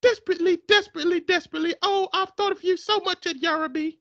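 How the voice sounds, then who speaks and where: A woman's voice: very high-pitched, steady tone, fast, vocal fry, fairly bright tone, dry recording, voice pushed up, heavily acted. A woman voicing a posh, adoring woman who gushes in a sing-song way. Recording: slightly muffled, dry.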